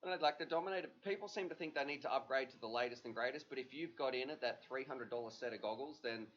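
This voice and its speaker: Man, livestream host, rapid chatty delivery, crisp bright tone. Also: medium pitch, a little hiss or hum. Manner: rambling, chatty, lots of fillers. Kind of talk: casual chat. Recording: dull lo-fi livestream audio.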